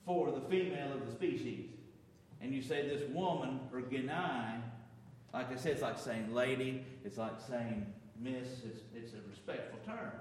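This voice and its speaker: A man preaching a sermon as pastor, swinging between loud emphasis and quiet asides. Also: medium pitch, slight background noise. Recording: echoey hall reverb.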